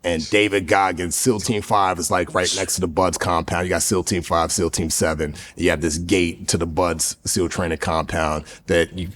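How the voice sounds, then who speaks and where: This former Navy SEAL trainee, appearing as a podcast guest, has a low voice with a slightly bright quality. His storytelling is casual and earnest, and he leans heavily on filler words.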